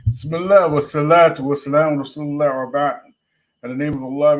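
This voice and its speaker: A man hosting a live-stream commentary show, greeting viewers by name with emphatic openings. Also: fairly high pitch. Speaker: show host.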